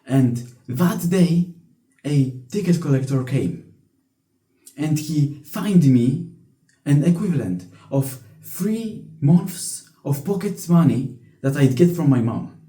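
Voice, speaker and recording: Young man, blunt profane rant, very dark voice, echoey room. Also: on the high side, lively intonation, takes it slowly. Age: young adult. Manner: blunt, profane, frequent restarts. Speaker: vlogger. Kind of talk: casual storytelling rant.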